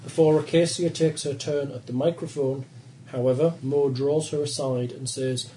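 A man runs a tabletop game, narrating in a measured, plain voice. His tone is mellow and dark. A faint room hiss sits behind him. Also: mid-range voice, steady tone, rough recording. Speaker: game master.

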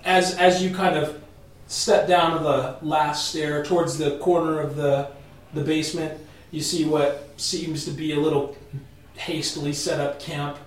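A man's voice: on the high side, level tone, a little slow. A man narrating as game master in a chatty way, laughing often and restarting sentences. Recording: echoey room, mic far off.

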